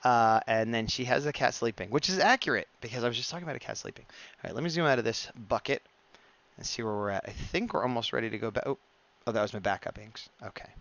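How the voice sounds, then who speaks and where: A man's voice: medium pitch, lively intonation, fast, fairly bright tone, highs cut off. A man streaming live as he draws, chatting casually and muttering to himself as he works. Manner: chatty, mumbles to himself, reads chat aloud. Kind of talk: casual live-stream chat while drawing.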